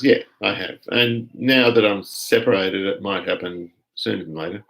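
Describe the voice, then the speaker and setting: A low, gravelly-voiced Australian man talks through a laid-back live stream, greeting viewers and rambling easily from one comment to the next. His tone is casual and unhurried, like he is chatting across a workbench. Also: steady tone, a bit bright, rough recording.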